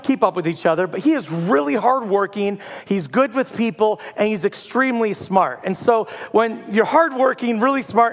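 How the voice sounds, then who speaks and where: High-voiced man preaching in a hall. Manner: storytelling with playful humor and loud bursts. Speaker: pastor. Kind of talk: sermon. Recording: long hall reverb.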